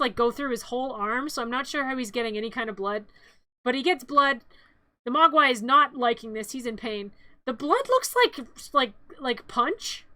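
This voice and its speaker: A woman's voice: sits high, bright, forceful tone, no room sound. A woman streamer narrating a movie in a playful, rambling, chatty way with little quips.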